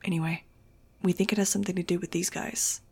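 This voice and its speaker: A woman voicing a guarded teenage boy who speaks quietly and evenly. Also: lowish voice, completely flat delivery, moderate pace, creaky, husky, full character voice. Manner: quiet, hushed.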